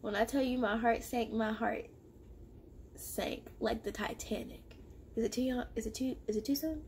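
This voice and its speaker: A woman's voice: on the high side, normal speed, a little hiss or hum. A young woman casually telling a story from her own past, acting out the lines of the people in it. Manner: animated and confrontational, acting out quoted lines. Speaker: storyteller vlogger.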